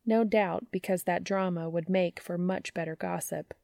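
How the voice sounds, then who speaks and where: A woman podcast host reading fan fiction aloud in an even, measured storytelling narration. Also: lowish voice, vocal fry, no room sound, clean studio sound.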